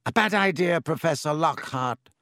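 A man voicing a cold, sneering male potions master, with slow, low, contemptuous speech. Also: expressive, bright, forceful tone, dry recording, studio quality.

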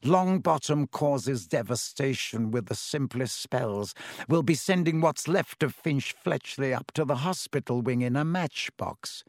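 A man voicing a cold, sneering male potions master, with slow, low, contemptuous speech. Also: lively intonation, no echo, studio quality.

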